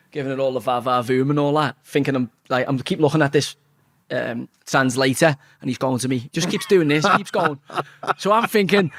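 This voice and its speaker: A man in his forties with a Scouse accent, a former footballer telling stories as an interview guest, swearing freely and acting out quotes. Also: fairly high pitch. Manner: swears freely, lively anecdotes with acted-out quotes. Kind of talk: casual storytelling interview.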